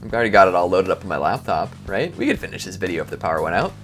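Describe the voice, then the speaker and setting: With soft music in the background, a countdown channel's male host rattles through rambling, self-mocking outro and blooper chatter. His voice sits low yet sounds fairly bright and sing-song, and he races along. The recording was made at home in his bedroom with a lavalier mic.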